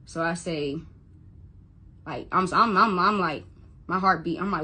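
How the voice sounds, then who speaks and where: A woman's voice: lowish voice, a little slow, long pauses, pushed and bright, breathy edge. A woman speaking as a mother, talking bluntly with heavy swearing and retelling conversations by quoting them. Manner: blunt, profane, retelling dialogue with quotes. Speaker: mother telling her son's story. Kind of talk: emotional vlog monologue.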